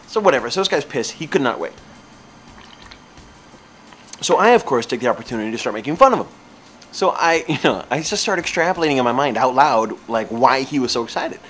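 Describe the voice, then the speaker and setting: A man casually telling a comic story in an animated, rambling way, with lots of fillers. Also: on the high side, fast talker, a little hiss or hum.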